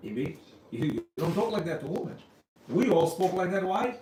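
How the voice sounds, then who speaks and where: A man with a fairly high voice gives a casual religious lecture to a live audience. He asks rhetorical questions and keeps slipping into other people's voices. He sounds distant from the mic, and the hall echoes. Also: sing-song, a little fast, warm tone, slight background noise. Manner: conversational, rhetorical questions, acts out quoted speech. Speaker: rabbi giving a Torah class. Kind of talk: informal Torah lecture to men. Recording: roomy echo, distant mic.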